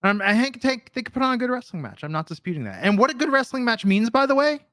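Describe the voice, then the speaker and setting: A man's voice: very high-pitched, lively intonation, fast, a bit bright, no echo. A man co-hosting a wrestling podcast in casual chat, dry and wry, with hesitant fillers. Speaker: podcast co-host.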